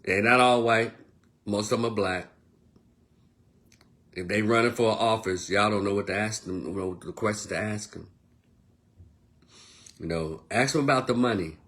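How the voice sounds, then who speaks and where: A man delivering a blunt, profane monologue as an online commentator, swinging between loud outbursts and low, quieter stretches. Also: normal speed, long pauses. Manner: blunt, profane, animated rant. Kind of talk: casual ranting monologue.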